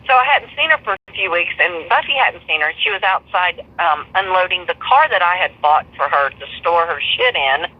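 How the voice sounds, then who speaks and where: A woman's voice: on the low side, expressive, normal speed, few pauses, breathy edge, muffled recording. A woman guest in a live stream interview, telling a long story in a blunt, profane, rambling way.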